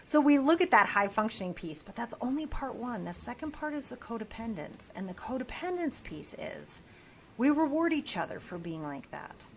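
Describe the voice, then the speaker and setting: A woman talking as a podcast guest, emphatic and animated, swearing freely. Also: on the high side, normal speed, gravelly, a little hiss or hum. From United States. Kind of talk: casual podcast conversation.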